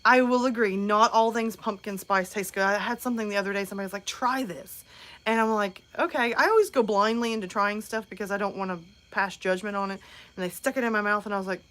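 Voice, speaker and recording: A woman's voice: medium pitch, steady tone, quick pace, fairly bright tone. A woman in her thirties hosting a casual live stream from home, chatting and answering viewers' comments.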